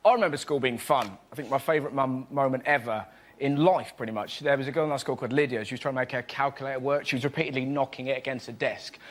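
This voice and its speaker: A man's voice: medium pitch, fast talker. A man telling a cheeky, playful stand-up story in a TV studio. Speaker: panelist comedian. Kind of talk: stand-up routine. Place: TV studio with audience. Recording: steady hiss.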